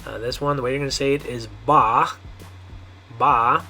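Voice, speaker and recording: A man's voice: mid-range voice, fairly even intonation, gravelly, a bit bright, faint music behind. Patient man teaching pronunciation. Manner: patient, repeats words slowly with frequent "okay". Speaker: Spanish teacher. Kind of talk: language lesson.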